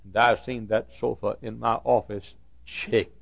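A man in his fifties preaching a sermon, dropping to a hushed storytelling voice and then rising to fervent shouts. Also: on the low side, little pitch movement, measured pace, gravelly, no echo, highs cut off. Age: 50s. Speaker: pastor.

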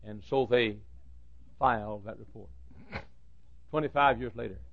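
A man in his fifties preaching a sermon, dropping to a hushed storytelling voice and then rising to fervent shouts. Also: on the low side, a little slow, gravelly, no echo, phone-quality sound. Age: 50s. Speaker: pastor.

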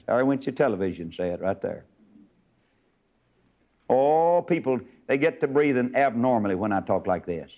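Older man preaching with lively swings. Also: normal speed. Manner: emphatic, swooping between loud highs and low murmurs. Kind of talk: fiery sermon. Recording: dull lo-fi sermon tape.

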